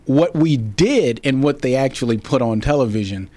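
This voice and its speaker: An actor, interviewed about his career, tells stories casually and ramblingly, with many restarts and fillers. His medium-pitched voice is expressive and dark in tone, moving at a moderate pace.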